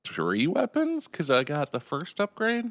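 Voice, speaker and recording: A man co-playing on a gaming stream, sick with a cough, talking casually with a playful, drawn-out delivery. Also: a little high, wildly swooping pitch, a bit bright, no echo. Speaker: co-player.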